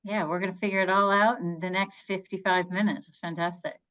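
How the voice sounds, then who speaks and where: A woman's voice: fairly low pitch, fairly even intonation, a little fast, a bit bright, dull audio. A woman moderating a panel webinar, chatty and upbeat with many fillers.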